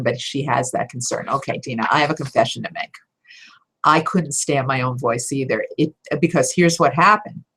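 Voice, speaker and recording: A middle-aged woman answers viewer questions about voiceover work in a relaxed live chat. Her voice sits low, and she talks in an animated, chatty way, often poking fun at herself. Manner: chatty, animated, self-deprecating. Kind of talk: casual live Q&A talk.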